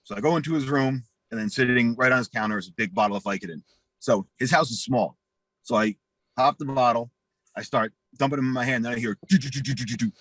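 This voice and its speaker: A husky man in his forties, telling rambling, profane stories as an interview guest and acting out the voices in them. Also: mid-range voice, fast talker, fairly bright tone, no echo. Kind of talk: casual storytelling.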